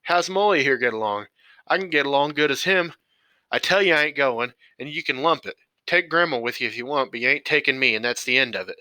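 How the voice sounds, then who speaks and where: A man's voice: medium pitch, normal speed, sharp tone, no room sound, natural voice. A man voicing a stubborn old farmer grandfather who talks in a defiant, cussing rural drawl.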